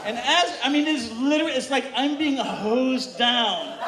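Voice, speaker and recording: A man telling a bawdy story live on stage to an audience, animated and shouting out quoted moans. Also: very high voice, unhurried. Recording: distant, roomy live recording with crowd noise.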